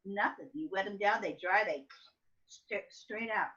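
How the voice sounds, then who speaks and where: Older woman telling animated childhood stories. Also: mid-range voice, measured pace. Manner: animated storytelling, acts out her younger self. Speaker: interviewee. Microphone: soft and distant at times. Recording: dull lo-fi sound.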